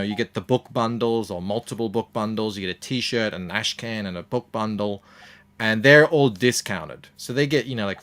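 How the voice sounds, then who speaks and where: An Australian man, a comics creator, chatting casually as an interview guest and telling stories with plenty of ums and uhs. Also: lowish voice. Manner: relaxed storytelling with many fillers.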